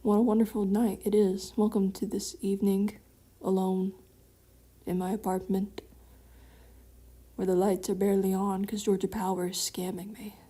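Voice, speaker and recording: A woman putting on a hushed, theatrical, mock-spooky voice as a lonely night host. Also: mid-range voice, flat delivery, normal speed, husky, natural voice. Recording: roomy echo.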